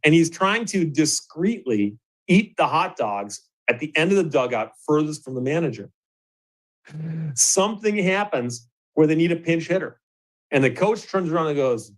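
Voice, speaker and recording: A middle-aged man from Michigan with a slightly high voice, hosting and telling a long story. He talks casually and animatedly, chuckles often, and restarts his sentences as the story builds. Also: sing-song, normal speed, poor audio. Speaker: host.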